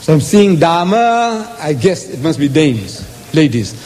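High-voiced man lecturing in a hall. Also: big pitch swings, unhurried, darkish tone, slight background noise. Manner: emphatic, quotes scripture in shifting voices. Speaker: speaker in a religious debate. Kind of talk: lecture on scripture. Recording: hall with long reverb.

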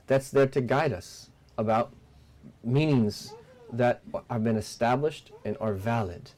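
A man giving a religious lesson, explaining a text in measured teaching talk and mixing in Arabic terms. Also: medium pitch, warm tone. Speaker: Islamic teacher.

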